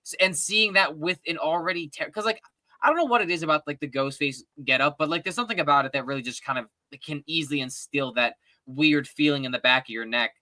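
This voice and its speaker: An excitable man talks through a casual fan podcast, rambling and often restarting his sentences. His voice sits a little high and sounds bright and tense. The sound is dry and close. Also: quick pace, no echo. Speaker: podcast co-host.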